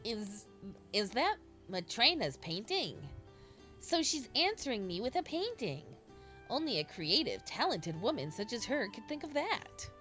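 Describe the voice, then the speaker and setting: A woman's voice: on the high side, big pitch swings, unhurried, pushed and bright, soft background music, exaggerated voice. A woman voicing an earnest, lovestruck young man in a video game, reading his lines aloud.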